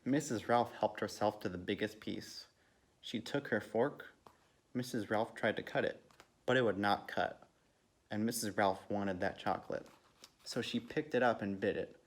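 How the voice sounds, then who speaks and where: Volunteer reader, male, somewhat low voice, storybook read-aloud that perks up for quoted lines. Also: moderate pace. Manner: lifts pitch and volume for character quotes. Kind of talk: reading a children's picture book aloud.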